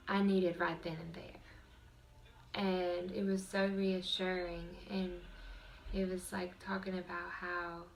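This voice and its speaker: Rambling young woman with a gravelly edge. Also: medium pitch, slight background noise. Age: young adult. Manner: chatty, rambling, with many fillers. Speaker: vlogger. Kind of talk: casual chat to camera. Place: bedroom.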